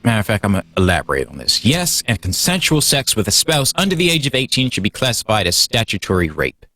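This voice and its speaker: A man's voice: lowish voice, big pitch swings, fast, sharp tone. A man hosting a livestream, heated and profane, stumbling over restarts as he gets worked up. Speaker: livestream host. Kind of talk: casual livestream rant.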